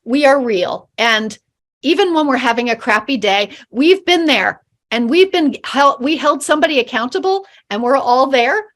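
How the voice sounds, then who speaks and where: A middle-aged woman talking on a video call, her voice sitting a little high. She tells her stories with animation and acts out the voices of people she quotes. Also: lively intonation, moderate pace, fairly bright tone. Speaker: program participant. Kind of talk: casual chat on a video call.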